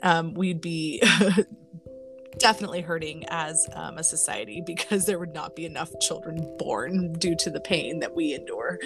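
A woman co-hosting a podcast in casual chat, laughing often and filling pauses. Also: deep voice, over music. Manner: giggly, chatty, lots of fillers. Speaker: podcast co-host. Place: in California.

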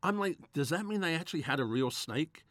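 Lively, joking man with a higher voice. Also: no echo. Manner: animated, laughing, quick jokes and mock quotes. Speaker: film commentary co-host. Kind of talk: casual commentary chat.

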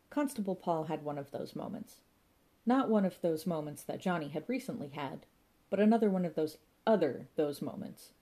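Woman, audiobook narrator, lively comic reading, low pitch, mellow tone. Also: normal speed. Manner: lively, playful, voices sound effects.

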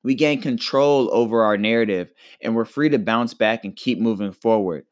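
A man's voice: lowish voice, normal speed, no echo, studio quality. A man preaching a recorded podcast sermon in an earnest, reflective way, often restarting and repeating words.

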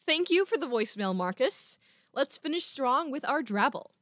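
A woman student hosting a podcast, talking chattily and reading a short piece aloud, excitable and playfully self-mocking. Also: sits high, moderate pace. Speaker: podcast host.

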